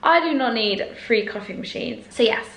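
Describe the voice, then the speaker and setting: A lifestyle vlogger chats casually in her flat, a young woman who is bubbly, effusive and laughing often. Out of breath, she speaks at a moderate pace in a slightly high, gravelly, somewhat bright voice with lively intonation.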